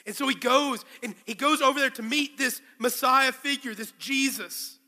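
A male pastor preaching a sermon to a congregation, telling the story with animated, acted-out quotes. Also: very high voice, normal speed, big-room sound. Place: large room with a congregation.

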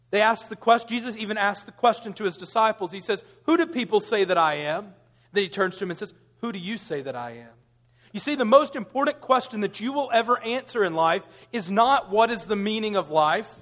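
High-voiced man preaching a sermon. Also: fairly bright tone, in a large hall. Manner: preaching with rising emphatic rhetorical questions. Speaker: pastor.

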